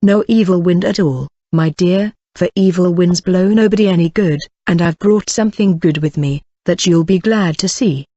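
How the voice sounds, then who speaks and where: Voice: medium pitch, normal speed, few pauses, warm tone, dry recording, dull audio, natural voice. A reader doing Fagin, a sly, wheedling old man. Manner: wheedling, calls everyone my dear.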